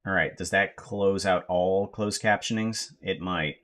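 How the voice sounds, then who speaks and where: An American man streaming live, rambling to himself in casual chatter as he tries to fix his software. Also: low-pitched, steady tone. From United States. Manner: mutters to himself while fixing software, slow and rambling.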